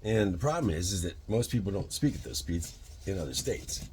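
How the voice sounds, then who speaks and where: Low-voiced rambling Michigan man in his sixties. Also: big pitch swings, a little mellow, a little hiss or hum. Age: 60s. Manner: rambling, drifts into philosophical tangents; talks fast in bursts. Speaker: vlogger. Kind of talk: casual cooking vlog. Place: home kitchen, indoors.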